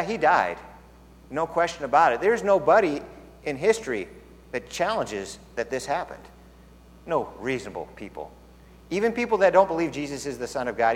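A man preaching a sermon in an animated, conversational way, often asking rhetorical questions. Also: a little high. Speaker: pastor. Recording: echoey hall.

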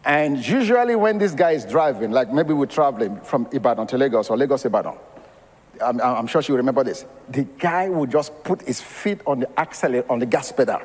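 A man's voice: medium pitch, animated, brisk, darkish tone, in a large hall. A man preaching a sermon as pastor, mixing scripture with storytelling and laughter.

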